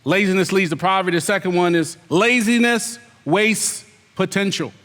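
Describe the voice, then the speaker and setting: A man's voice: sits high, normal speed, fairly bright tone, in a large hall. A man preaching a sermon as an elder, emphatic and repetitive, firing rhetorical questions at the congregation. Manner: mimics lazy excuses in put-on voices.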